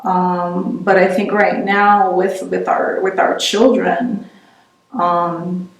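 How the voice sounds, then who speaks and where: Soft-spoken woman recorded from afar. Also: lowish voice, steady tone. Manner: reflective, halting, with frequent restarts. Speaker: interviewee. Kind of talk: oral history interview. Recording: roomy, distant mic.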